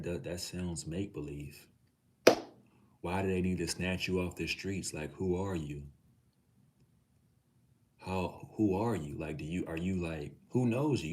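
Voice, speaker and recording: A middle-aged man from Texas hosting a livestream, talking casually with his chat, swearing freely and calling viewers nephew. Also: extremely low pitch. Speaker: livestream host.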